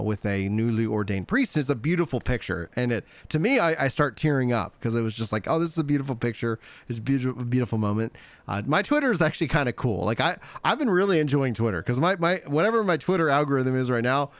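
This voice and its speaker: A man's voice: mid-range voice, no echo. Casting: middle-aged male streamer, rambling, self-deprecating, easy laugh, mid-range voice. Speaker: streamer and podcast host. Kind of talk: casual chat.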